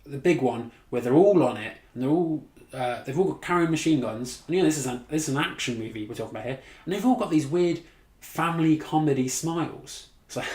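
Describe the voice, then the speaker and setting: A man's voice: on the high side, animated, brisk, a little mellow. Sweary exasperated man ranting in echoey room. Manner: blunt, sweary, exasperated, laughs at his own mockery. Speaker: movie reviewer. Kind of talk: casual ranting movie review.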